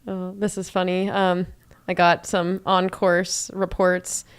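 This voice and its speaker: This is a young woman doing live race commentary. Her voice sits low and has a gravelly edge, yet it comes out smooth and clean. She talks casually, with plenty of "um" as she reads out times and places. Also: flat delivery, takes it slowly. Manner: chatty, many fillers, reads off splits.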